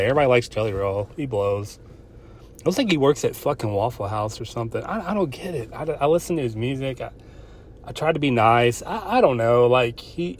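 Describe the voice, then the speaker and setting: A man who calls himself an old man, hosting a podcast and ranting in a profane, rambling way, often restarting his sentences. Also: medium pitch. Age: older. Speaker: podcast host. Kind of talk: casual solo podcast rant.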